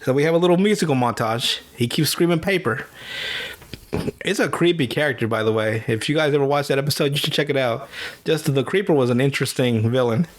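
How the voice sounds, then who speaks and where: A man hosting a podcast, retelling a cartoon episode in casual, profane chat, laughing often and slipping into quick character voices. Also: mid-range voice. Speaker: podcast host.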